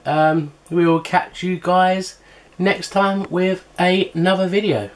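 A man's voice: sits high, fairly even intonation, slow pace. A man hosting a casual home cooking vlog, chatty and full of fillers, sometimes talking while eating. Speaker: cooking channel host.

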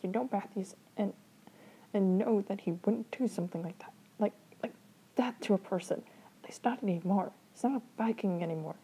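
A woman's voice: a little high, expressive, fairly quick, mellow, husky, pitched above the performer's own voice. A woman voicing an exasperated younger brother who pleads with his sibling to drop a fight in a fan story reading. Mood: firm.

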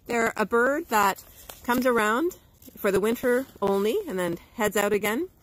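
A woman's voice: fairly high pitch, unhurried, fairly bright tone, a little hiss or hum, rough recording. A woman educator giving a playful livestream nature lesson to schoolchildren. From Canada. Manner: bubbly, playful, imitates bird calls.

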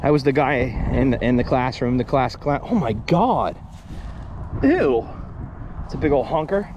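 A man in his thirties vlogging outdoors in the woods, rambling, joking and swearing, getting excited over finds. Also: medium pitch, moderate pace, muffled recording, background noise. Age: 30s. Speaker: paranormal explorer vlogger. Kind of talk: casual outdoor vlog.

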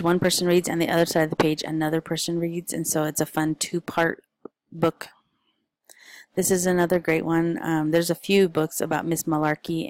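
Low, gravelly-voiced woman, flat delivery. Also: no echo, poor audio. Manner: chatty and informal, with frequent fillers. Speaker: parent. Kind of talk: casual book recommendations.

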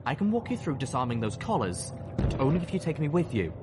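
A man's voice: fairly high pitch, sing-song, quick pace, music in the background, voice pushed up. A man voicing a desperate male pony colonel who pleads and bargains, in a storybook reading. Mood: bargaining.

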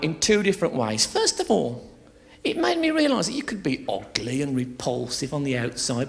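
Crude stand-up man, lively pitch. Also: creaky. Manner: crude, chatty, teasing the audience. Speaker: stand-up comedian. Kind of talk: live stand-up routine. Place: theatre stage. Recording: live show with audience laughter.

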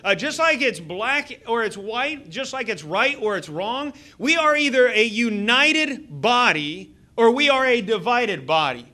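A man in his thirties preaching a sermon as a church pastor, earnest and halting, with many fillers and restarts. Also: very high-pitched, lively intonation, bright, forceful tone. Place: church sanctuary. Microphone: handheld microphone.

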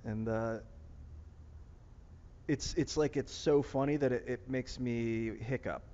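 A man from Northeast Ohio, vlogging outdoors on a plant-filled rooftop, talks slowly in a mellow, mid-range voice with fairly even intonation. His casual monologue wanders and muses, packed with fillers and restarts, and the audio has a big-room sound with the highs cut off.

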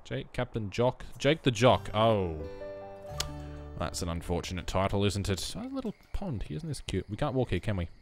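A man's voice: fairly low pitch, big pitch swings, moderate pace, soft background music. A young man chatting casually over a life-sim game, talking to his characters and poking fun at himself. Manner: chatty, self-mocking, talks to his characters. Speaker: gameplay commentator. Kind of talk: casual let's-play commentary.

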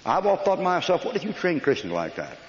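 An older American preacher telling blunt, folksy army stories in a sermon, scolding and emphatic. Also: male voice, sits high, huge pitch swings, fast. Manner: folksy storytelling with rough army anecdotes. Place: church hall. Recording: echoey hall, dull old recording.

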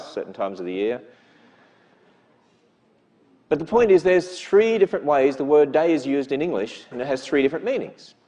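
A man speaks to a church audience in a lecture style. His voice sits a bit high and swings widely in pitch as he presses each point. He keeps tossing rhetorical questions back at the listeners. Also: a little mellow, lo-fi sound. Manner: emphatic, with frequent rhetorical questions.

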